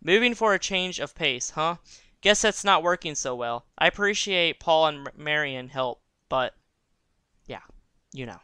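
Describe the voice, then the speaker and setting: A man's voice: on the high side, lively intonation, a little slow, pushed and bright, clear, resonant tone, no room sound. A young man giving casual gameplay commentary, joking and thinking aloud as he reads the game text. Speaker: let's play gamer.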